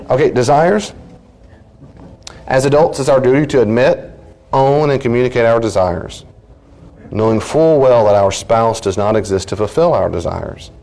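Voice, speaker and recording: A man's voice: mid-range voice, normal speed, darkish tone. A middle-aged man, a counselor teaching a study group, talking earnestly and acting out everyday conversations.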